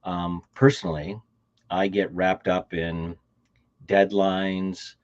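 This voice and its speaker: A man's voice: deep voice, flat delivery, takes it slowly, muffled recording. A man with a Canadian accent co-hosting a casual chat, rambling and restarting his words. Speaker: podcast co-host.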